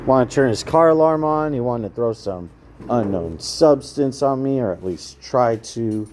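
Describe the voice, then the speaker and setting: A man's voice: medium pitch, expressive, normal speed, darkish tone, slight background noise. A man vlogging in a rambling, casual monologue, tagging his lines with "eh?" and laughing often.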